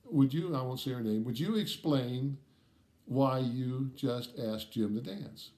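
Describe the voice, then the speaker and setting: A middle-aged man from Ohio telling a personal story in an animated way, dropping to a soft hush when it turns emotional. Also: mid-range voice. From Ohio, USA. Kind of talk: storytelling talk.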